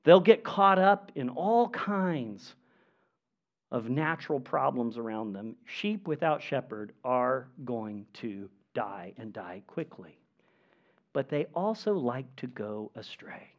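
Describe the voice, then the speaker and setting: A pastor preaching a sermon in an earnest, emphatic way, with measured pauses. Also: male voice, medium pitch, animated. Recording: dull lo-fi recording.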